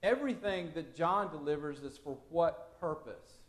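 A male pastor preaching with a high, very lively voice that rises and falls a great deal. He keeps putting questions to the congregation. The room gives his voice a noticeable echo. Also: moderate pace. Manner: animated, questioning the listeners. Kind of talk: expository sermon.

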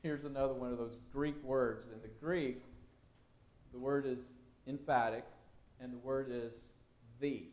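A man's voice: medium pitch, steady tone, measured pace, pauses often, darkish tone, roomy sound. A man preaching a verse-by-verse sermon, asking his listeners questions as he explains the text. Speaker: pastor. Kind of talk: expository sermon.

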